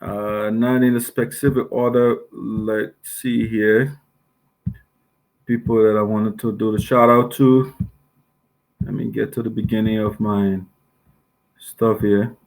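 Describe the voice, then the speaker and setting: A man with a Liberian accent hosting a casual diaspora talk show, speaking haltingly with frequent fillers and restarts. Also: on the low side, flat delivery. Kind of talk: casual online show chat.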